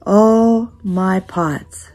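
A woman's voice: medium pitch, extremely slow, mellow, soft background music. A grandmother reading aloud, voicing a fussy, exasperated lady of the house who exclaims indignantly.

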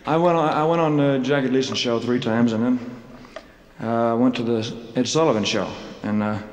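A man telling rambling, self-mocking stories from a concert stage, laughing between phrases and clearing a frog from his throat. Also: mid-range voice, steady tone, normal speed. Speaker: singer performing live. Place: large showroom stage. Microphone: stage microphone. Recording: echoey hall live concert recording, faint noise.

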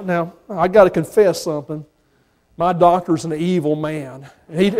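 Folksy Southern preacher, high voice. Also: male voice. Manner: folksy, rises to impassioned shouts. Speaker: pastor. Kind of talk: sermon. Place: church sanctuary.

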